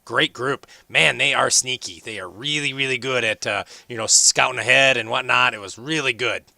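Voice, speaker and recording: A man voicing a young male dwarf wagon-maker who chatters excitedly and stammers through his questions. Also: medium pitch, normal speed, vocal fry, dry recording, voice pushed up. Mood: chatty.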